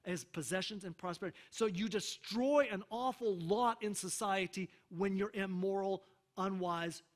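A man preaching a sermon as pastor, emphatic, slowing down for scripture readings and checking in with the congregation. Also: high-pitched.

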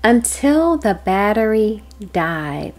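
Slow, earnest woman sharing a prophetic word. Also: medium pitch, sing-song, faint music behind. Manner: slow, earnest, drops to soft whispered prayer. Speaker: host and prophetic teacher. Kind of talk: devotional prophetic message.

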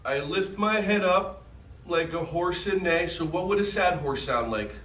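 A man's voice: high voice, a little slow, fairly bright tone. A man leading a guided movement lesson for children, giving playful, coaxing instructions and call-outs. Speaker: children's yoga leader. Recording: echoey room, voice from far off.

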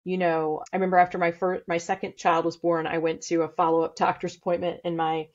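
A woman's voice: fairly low pitch, level tone, muffled recording. A middle-aged woman from St. Louis, a podcast guest speaking in a blunt, candid way. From St. Louis, USA. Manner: blunt, candid and fast-talking. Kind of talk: casual interview talk.

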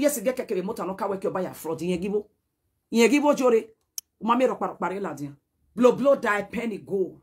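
A Nigerian social media personality addresses the camera in a heated message, speaking fairly quickly in a husky, darkish, medium-pitched voice with lively intonation. She alternates between scolding and pleading and switches between Pidgin and a local language.

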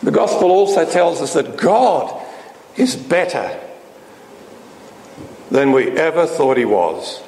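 A man's voice: big pitch swings, slow pace, pauses often, darkish tone. Emphatic male preacher in an echoey hall. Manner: emphatic, rhetorical questions, pitch swinging up and down. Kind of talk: sermon. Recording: echoey hall with faint noise.

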